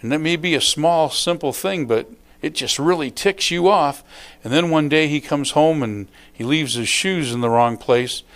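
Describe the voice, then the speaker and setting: A man's voice: fairly high pitch, moderate pace, a bit bright. A middle-aged male pastor giving a sermon in a folksy, conversational way, often acting out quotes.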